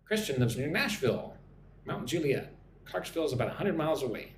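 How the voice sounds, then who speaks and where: A man's voice: mid-range voice, very animated, brisk, echoey room, slight background noise. A man from Texas with a mild Texan accent, teaching English on a live stream and reading viewer comments aloud in a chatty way. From Texas, USA.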